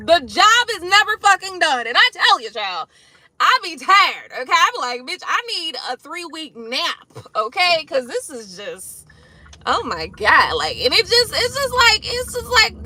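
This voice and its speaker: A woman chatting casually and venting in a car, profane and animated, with frequent laughs. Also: very high-pitched, a little hiss or hum. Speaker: tarot reader vlogger. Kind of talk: casual venting chat while driving.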